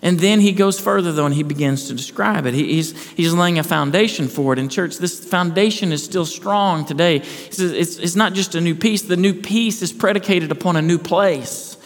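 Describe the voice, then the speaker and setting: Guy preaching a sermon in church, kinda high voice, long echo in the hall, keeps repeating words as he goes. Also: moderate pace, few pauses. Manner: earnest preaching with repeated restarts, rhetorical questions. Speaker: pastor. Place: church sanctuary.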